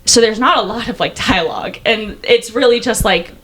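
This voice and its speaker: A young woman co-hosting a podcast, rambling excitedly with lots of fillers and laughs. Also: on the high side, normal speed, slight background noise, low-quality recording. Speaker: podcast co-host. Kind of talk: casual chat.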